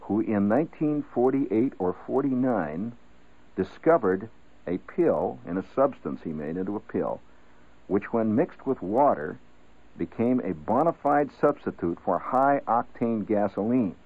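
A man's voice: on the low side, expressive, a little slow. Rambling radio storyteller man. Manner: conversational, digressive, asides like "see?". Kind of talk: rambling spoken-word storytelling. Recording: tinny narrow-band radio broadcast.

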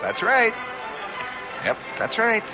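Animated rambling male radio storyteller. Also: high voice, slow pace, music in the background, low-quality recording. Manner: rambling, animated, acts out scenes with sound effects. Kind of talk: improvised radio monologue.

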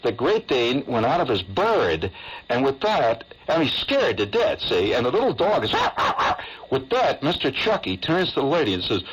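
A man's voice: mid-range voice, wildly swooping pitch, normal speed, a bit bright, husky, poor audio. A man, hosting a radio show and telling a long comic story in a chatty, rambling way with amused asides.

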